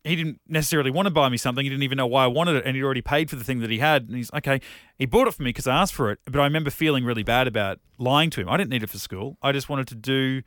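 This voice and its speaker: A man's voice: medium pitch, racing, fairly bright tone, no echo, clean studio sound. A man in his thirties, co-hosting a podcast in casual chat and telling rambling stories with plenty of swearing. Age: 30s. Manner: rambling storyteller who swears freely. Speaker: podcast co-host.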